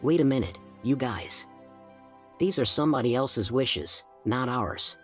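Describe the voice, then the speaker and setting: A man's voice: medium pitch, lively intonation, measured pace, fairly bright tone, soft background music. A man reading a level-headed teenage girl. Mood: calm. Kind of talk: audiobook character voice.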